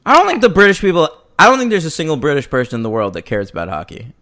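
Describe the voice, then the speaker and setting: Lively, animated man on a podcast. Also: fairly high pitch, very fast. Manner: animated, jokey, laughs often. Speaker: podcast co-host. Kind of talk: casual film review chat.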